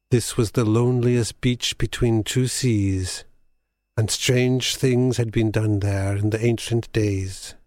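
Slow, solemn male storyteller. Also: medium pitch, a little mellow, no room sound, studio quality. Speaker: narrator. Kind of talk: scripted storybook narration.

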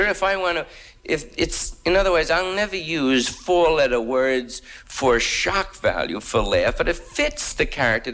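A man's voice: mid-range voice, a bit bright. A man with a New York accent telling a comic monologue in a laid-back hipster drawl full of slang. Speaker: stand-up comedian.

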